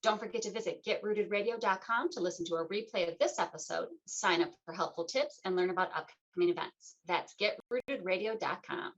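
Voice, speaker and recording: A woman's voice: mid-range voice, fairly quick, hardly any pauses. Brief: radio host, woman, middle-aged, playful conversational delivery, muffled lo-fi recording. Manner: animated, playful, acts out quoted voices. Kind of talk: casual conversational interview. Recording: dull lo-fi sound.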